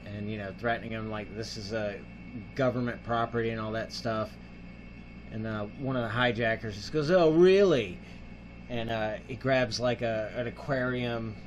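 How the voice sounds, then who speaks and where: A man in a middle-pitched voice hosts a casual film review show. He rambles through the plot with plenty of "uh" and "like," jumping into the characters' lines as he goes. A faint hum of noise sits behind him. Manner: rambling, filler-heavy, acts out the characters' lines. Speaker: host.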